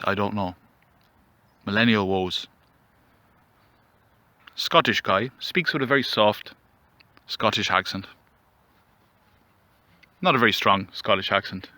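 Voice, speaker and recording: Guy doing a mock-serious rambly comedy rant outside, lowish voice, dry close sound. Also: bright, forceful tone, no room sound. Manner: mock-solemn, rambling, theatrical pauses. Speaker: commentary vlogger. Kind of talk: mock-dramatic comedic monologue. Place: outdoors.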